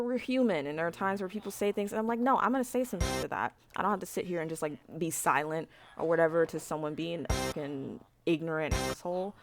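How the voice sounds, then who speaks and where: A young woman telling a story to camera in a frank, rambling rant, with lots of fillers and swearing. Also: low-pitched. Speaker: vlogger.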